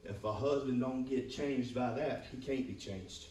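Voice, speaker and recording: Heard from far off in an echoey church sanctuary, a pastor preaches a sermon to his congregation at a somewhat slow pace. He frequently calls out "Amen?" and swings between loud bursts and quiet, low passages.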